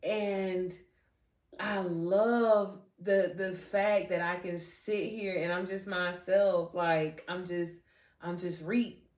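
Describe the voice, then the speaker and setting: Woman podcast host, low-ish voice, slow and giggly, set back from the mic in an echoey room. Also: far from the mic. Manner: animated, giggly, trips over words; restarts and repeats phrases. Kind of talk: faith podcast talk. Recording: roomy echo, voice off-mic.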